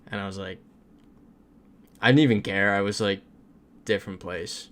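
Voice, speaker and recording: A man's voice: lowish voice, moderate pace, fairly bright tone, smooth. A young man from Florida, chatting casually on a livestream while he plays, reading out viewer comments and laughing often. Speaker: streamer.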